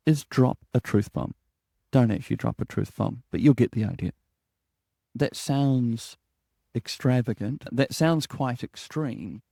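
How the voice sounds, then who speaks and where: A New man teaching an HR lesson in a calm, deliberate voice that settles downward at the end of his statements. His tone is dark and gravelly. The sound is dry and close. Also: medium pitch, dry recording. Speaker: HR coach and podcast host. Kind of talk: spoken HR lesson.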